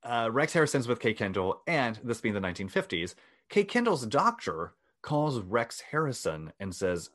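Lively, wry male storyteller. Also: medium pitch, normal speed. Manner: wry storyteller, mock posh voices for quoted people. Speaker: podcast co-host telling a story. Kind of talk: casual storytelling chat.

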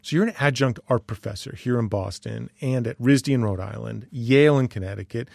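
Gravelly-voiced male radio host. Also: mid-range voice, darkish tone, dry recording. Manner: measured, conversational questioning. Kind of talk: radio interview. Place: radio studio.

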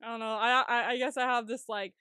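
Young woman podcast cohost, bright kinda high voice, laughs a lot, dry close mic. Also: fairly even intonation, fast, smooth, dry recording. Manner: chatty, laughs often, swears casually. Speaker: podcast co-host. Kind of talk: casual chat.

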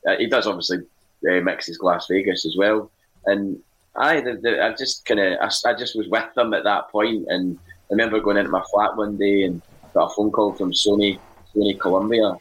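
A man's voice: fairly low pitch, fairly even intonation, normal speed, a bit bright, breathy edge, dull audio. A Scottish man co-hosting a podcast, telling long rambling anecdotes with many fillers in casual chat. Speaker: podcast co-host and music writer.

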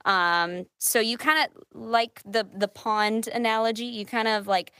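Chatty voice actress, dry close mic. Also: female voice, on the high side, fairly quick, few pauses, pushed and bright, clear, resonant tone, no echo. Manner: chatty, lots of fillers, acts out her own thoughts. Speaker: voice actress guest. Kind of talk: casual podcast chat.

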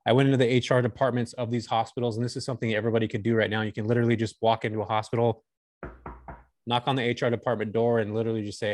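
A man's voice: mid-range voice, little pitch movement, very fast, a little mellow. A man in his forties from Northern California, a guest on a casual podcast, telling long stories with easy laughs. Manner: chatty storyteller, laughs easily.

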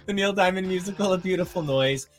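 A man's voice: fairly high pitch, fairly bright tone. A young man in casual chat on a podcast, rambling through a story and acting out the voices of the people in it. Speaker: podcast co-host.

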